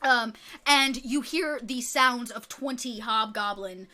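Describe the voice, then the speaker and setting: Bright-voiced woman game master. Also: a little high, takes it slowly. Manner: chatty, frequent fillers and restarts. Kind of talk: narrating a tabletop game.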